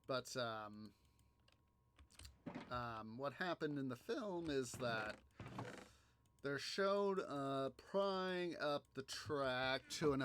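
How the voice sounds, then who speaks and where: A man hosting a gaming video, telling a story in a halting, rambling way, full of fillers and restarts as he plays. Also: mid-range voice, a bit bright, a little hiss or hum. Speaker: gaming channel host. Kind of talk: casual gameplay commentary.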